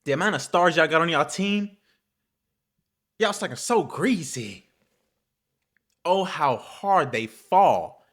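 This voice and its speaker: A young man hosts a solo football talk show. His voice sits a little high for a man, and he swings between low mutters and loud, animated trash talk full of curses. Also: slow, long pauses. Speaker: host.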